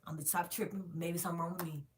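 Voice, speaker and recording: A woman's voice: fairly low pitch, racing, slight background noise. A woman, casually and profanely telling viewers a long story about a job. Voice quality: frank, profane, animated storytelling.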